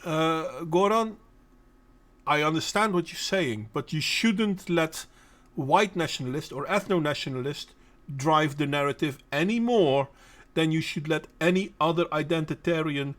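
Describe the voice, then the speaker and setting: A man's voice: on the high side, a bit bright. A middle-aged Dutch man with a Dutch accent who hosts a casual talk and answers viewers by name. He speaks bluntly and with emphasis, and sometimes stops to search for a word. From Netherlands. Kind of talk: casual opinionated monologue.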